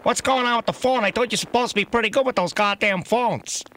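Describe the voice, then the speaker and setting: High bright-voiced crude prank caller, man. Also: a little fast, slight background noise, poor audio. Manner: crude and profane, rambling, chuckling. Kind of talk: prank phone call.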